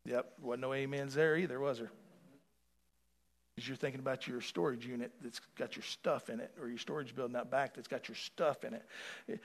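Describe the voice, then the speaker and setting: A pastor preaching a sermon, swinging from quiet asides to loud rising appeals and calling for responses from the congregation. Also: male voice, medium pitch, fairly even intonation, normal speed.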